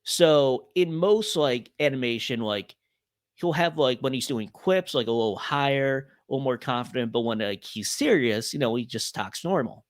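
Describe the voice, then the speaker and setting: A man's voice: mid-range voice, expressive, normal speed, dry recording, clean studio sound. A young man on a podcast, talking casually and rambling with many fillers. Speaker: podcast guest.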